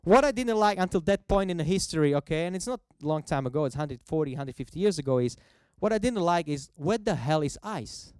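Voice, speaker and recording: A man giving a festival talk on the history of coffee cocktails, telling it as a lively story in non-native English. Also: on the high side, brisk, clear, resonant tone, no room sound. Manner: lively storyteller who acts out quoted voices.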